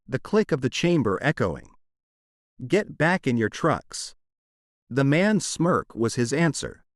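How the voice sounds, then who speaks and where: A man narrating a romance audiobook in a dramatic, expressive storytelling manner. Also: mid-range voice, no echo, studio quality.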